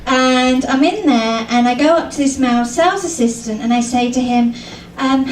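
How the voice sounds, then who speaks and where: High-voiced British woman doing stand-up. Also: moderate pace, hardly any pauses. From Britain. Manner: chatty, self-mocking, frequent ums. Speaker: stand-up comedian. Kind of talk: stand-up comedy set. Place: comedy club stage. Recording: echoey club, mic at a distance, faint room noise.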